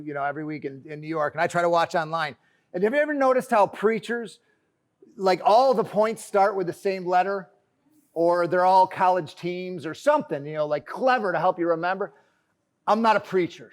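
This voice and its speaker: A man with a high, bright-sounding speaking voice delivers a lively motivational keynote from a conference stage. He jokes with the crowd and keeps calling them friends. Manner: energetic and joking, addresses the crowd as friends. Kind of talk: motivational talk to a live audience.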